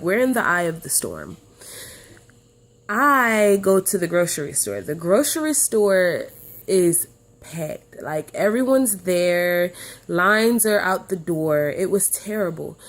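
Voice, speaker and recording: A young adult woman, a student, casually telling her classmates a personal story in a chatty way. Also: medium pitch. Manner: chatty, animated when quoting others.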